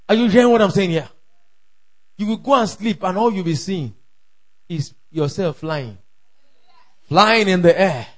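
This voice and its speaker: A man preaching a fervent sermon, repeating declarations, often shouting and laughing. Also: sits high. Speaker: pastor.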